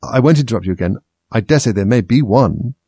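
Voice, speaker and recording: Man doing a curious polite girl, earnest questions, storybook reading, gravelly. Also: on the low side, lively intonation, quick pace, dark tone, no echo, clean studio sound.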